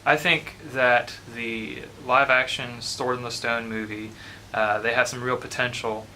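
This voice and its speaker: Thoughtful man with a bright voice. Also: medium pitch, flat delivery, measured pace, a little hiss or hum, poor audio. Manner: thoughtful, many fillers. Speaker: student. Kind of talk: casual commentary.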